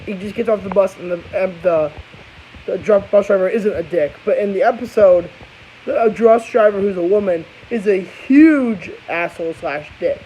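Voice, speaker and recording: A man's voice: high voice, moderate pace, warm tone. A tired young man casually reviewing a book and its episode, rambling and swearing, with many restarts. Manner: rambling, profane, restarts a lot. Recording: dull hissy home recording.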